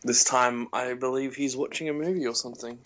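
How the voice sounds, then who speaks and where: A man's voice: medium pitch, steady tone, brisk, fairly bright tone. Playful Australian man, podcast co-host. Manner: teasing, playful. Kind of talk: casual podcast chat.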